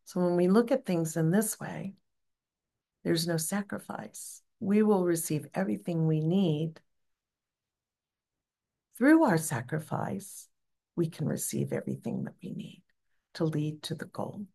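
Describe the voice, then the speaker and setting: A woman with a low, slightly gravelly voice guides a devotional practice. She speaks slowly and gently, encouraging her listeners. Her tone is calm and unhurried. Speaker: spiritual teacher.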